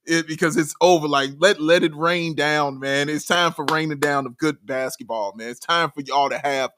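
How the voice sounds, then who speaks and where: A man co-hosting a sports podcast in casual chat, excitable and emphatic, often laughing. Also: fairly high pitch, normal speed, smooth, no echo. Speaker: podcast co-host.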